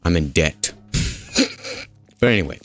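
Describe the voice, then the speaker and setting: A man's voice: deep voice, huge pitch swings, slow, fairly bright tone. A man casually narrating his gameplay, joking, rambling and talking back to the characters in the game. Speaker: gaming host. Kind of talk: goofy gameplay commentary.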